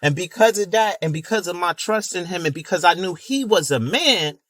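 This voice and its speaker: Man telling a personal story, emphatic, repeats himself, bright forceful tone, dry close sound. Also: high voice, lively intonation, moderate pace, no room sound. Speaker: video creator.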